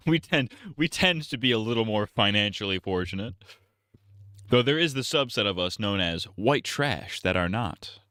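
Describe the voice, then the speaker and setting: A man on a live stream cuts in with skeptical, sarcastic remarks. His voice is bright and forward, captured dry and close on the mic with no room around it. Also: fairly low pitch, lively intonation, normal speed, dry recording. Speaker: streamer reacting to a video.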